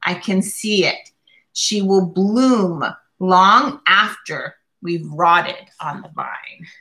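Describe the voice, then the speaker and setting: A woman reading aloud and voicing a weary, hard-working uncle in a storybook, speaking slowly and earnestly. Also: on the low side, bright, forceful tone, heavily acted. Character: weary uncle, a laborer who drinks beer.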